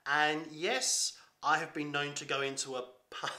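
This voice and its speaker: A man's voice: a little high, level tone, measured pace, hardly any pauses, sharp tone, slight background noise. Brief: male performer, chatty, self-deprecating, echoey room. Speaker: performer playing a museum character. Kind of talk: conversational interview.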